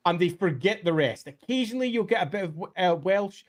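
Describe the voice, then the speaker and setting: A man talking emphatically in a casual podcast discussion, his pitch swinging up and down as he makes his points. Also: animated, brisk, hardly any pauses. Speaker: co-host of a lore podcast.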